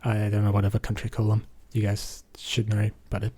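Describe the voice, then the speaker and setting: An Australian movie reviewer recaps a film in a casual, rambling way, often plugging gaps with "basically" and "um." His voice is lowish and mellow with a breathy edge, delivered in a monotone at a fairly quick clip.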